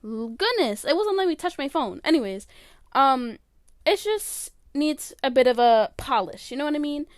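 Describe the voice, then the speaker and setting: A woman's voice: sits high, sing-song, normal speed, no room sound, studio quality. A teenage girl hosting her own podcast, rambling casually with lots of fillers and open emotion. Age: late teens. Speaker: podcast host. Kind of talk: casual solo podcast chat. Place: her bedroom.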